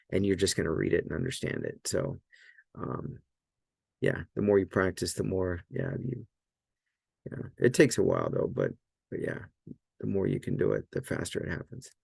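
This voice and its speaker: A man teaching a language lesson in a relaxed, loose way, often checking in with "right?" and filler words. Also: lowish voice, creaky, dry recording, studio quality. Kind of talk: casual explanatory lesson.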